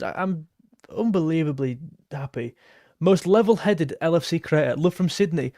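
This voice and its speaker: A man's voice: a little high, animated, normal speed, a little mellow, no room sound, studio quality. A young man hosting a casual football fan livestream, reading out viewer messages and thanking donors in a chatty way. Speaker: football channel host reading donations.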